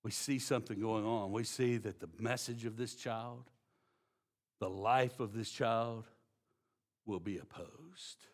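A pastor whose voice sits on the low side preaches in a Texan accent. His sermon shifts from slow, hushed emphasis into loud, excited storytelling.

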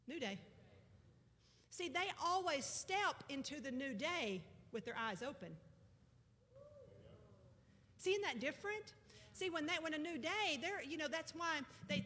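Bright, high and forceful, this Arkansas woman's voice carries a sermon through a reverberant church hall. She tells a missionary story the folksy, conversational way, drawing out words to make her points.

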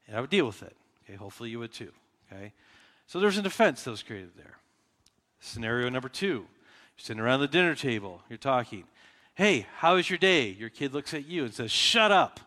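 A pastor delivers a sermon to his congregation in a reverberant hall, speaking conversationally, often restarting and posing rhetorical questions. He is an adult man with children, and his medium-pitched, fairly bright voice moves fairly quickly with big pitch swings.

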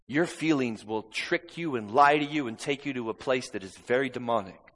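A man's voice: mid-range voice, brisk, a bit bright, long reverb tail, rough recording. A man preaching a sermon in a church, impassioned and conversational, often checking in with "amen?". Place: church sanctuary.

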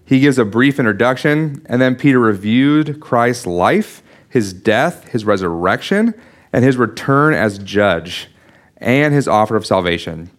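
A man's voice: medium pitch, expressive, unhurried. Man preaching an earnest Bible sermon. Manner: earnest, teaching, with restarts and asides. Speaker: pastor.

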